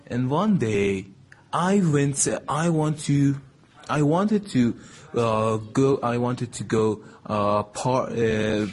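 A man casually answering personal questions on camera, halting as he searches for English words. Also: medium pitch. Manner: laughs often while telling stories. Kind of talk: casual spoken monologue.

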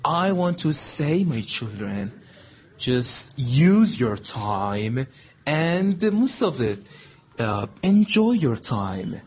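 A man casually answering personal questions on camera, halting as he searches for English words. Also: mid-range voice, sing-song, a little hiss or hum. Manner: laughs often while telling stories. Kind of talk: casual spoken monologue.

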